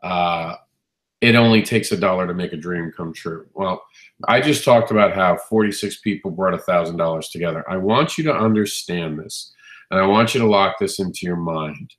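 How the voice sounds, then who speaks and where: A very low-voiced man hosts a live show, hoarse and a little growly because his voice has not yet recovered. He talks with eager enthusiasm, often restarting his sentences. He speaks close to a phone mic in a room with a noticeable echo. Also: moderate pace, a bit bright. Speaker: host. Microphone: phone mic, standing close.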